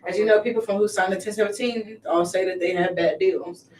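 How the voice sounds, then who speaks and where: A woman's voice: mid-range voice, steady tone, a little fast, a little mellow. A woman co-hosting a casual chat show, retelling news stories and hedging with "I think". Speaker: podcast co-host. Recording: echoey room, distant mic, faint noise.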